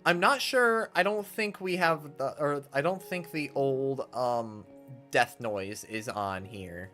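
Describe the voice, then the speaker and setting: A man's voice: medium pitch, slow pace, fairly bright tone. A man streaming a game, chatting casually and nostalgically while he thinks aloud. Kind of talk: casual gameplay commentary. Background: faint game music.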